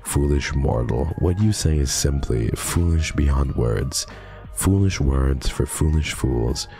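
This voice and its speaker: A man reading out an arrogant Grim Reaper from a dating game, sneering at mortals in a very deep, gravelly voice. The delivery is lofty and theatrical, and soft guitar music plays underneath. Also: expressive, takes it slowly, exaggerated voice. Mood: haughty. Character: haughty male Grim Reaper taunting a mortal.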